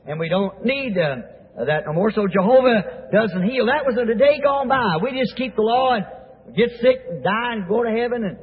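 A preacher dropping into a smug old-time priest, flat and scornful, a touch lower than his own high, husky voice. The sound is thin and phone-like, and it rings in a big hall. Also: normal speed. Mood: dismissive. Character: dismissive male temple priest, smug. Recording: tinny echoey old hall recording.

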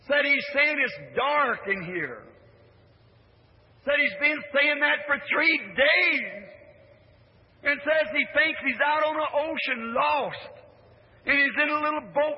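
A man preaching a sermon as a story, fervent, rising to shouts and then dropping low. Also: slightly rough. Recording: muffled old recording in a reverberant hall.

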